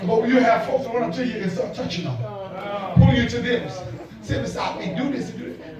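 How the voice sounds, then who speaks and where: High-pitched preacher shouting in an echoey church. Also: male voice, fairly quick, a loud crowd. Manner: preaching with shouted call-and-response cadence. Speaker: pastor. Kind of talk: sermon. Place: church sanctuary. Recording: echoey church hall, mic off at a distance, congregation noise. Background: congregation responding.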